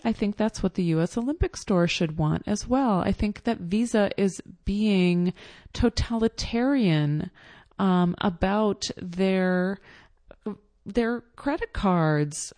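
A woman's voice: mid-range voice, measured pace, warm tone, no room sound. A woman telling a casual personal story in a chatty, exasperated way with lots of fillers.

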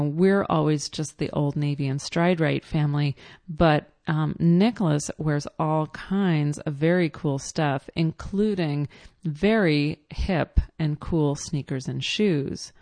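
A woman's voice: low voice, darkish tone, no room sound. A woman in her thirties telling a casual first-person story in a chatty, reflective way, with many ums and quoted asides.

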